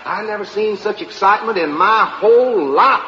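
A man's voice: sits high, expressive, normal speed, pushed and bright, slight background noise. A man telling a comic tall tale in a rambling, earnest drawl before an audience. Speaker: comic storyteller. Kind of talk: comic storytelling monologue. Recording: roomy dull live recording.

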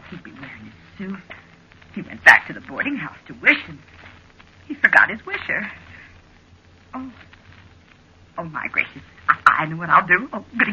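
A man's voice: high-pitched, sharp tone, slightly rough, heavily acted. A man playing a fussy, scatterbrained woman in an old-time radio comedy, full of flustered exclamations. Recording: dull lo-fi old radio recording.

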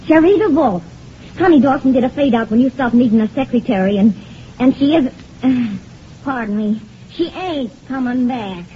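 A woman's voice: high-pitched, lively intonation, moderate pace. An actress playing a spunky young woman in a 1940s radio drama, with sassy, slangy banter. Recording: dull, hissy old radio recording.

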